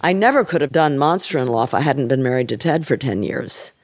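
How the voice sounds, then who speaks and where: An older woman speaking as an interview guest, reflective and frank, with soft trailing restarts. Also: extremely low pitch, expressive, brisk. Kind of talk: candid interview conversation.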